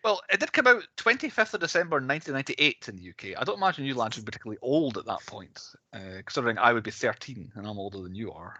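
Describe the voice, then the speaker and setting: A man's voice: medium pitch, sing-song, very fast, hardly any pauses, sharp tone, no room sound, lo-fi sound. A man in his late thirties co-hosting a casual film podcast, running through facts with hedging asides and chuckles. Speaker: podcast co-host presenting the film's cast.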